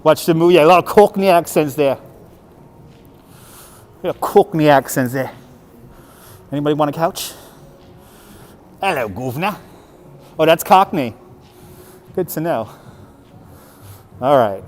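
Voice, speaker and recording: Somewhat high and a little mellow, his voice is animated, moving at a moderate pace broken by long pauses. He's out walking a city street and entering a market while livestreaming, talking to viewers and laughing often. A phone on a handheld gimbal captures this live walking-stream commentary.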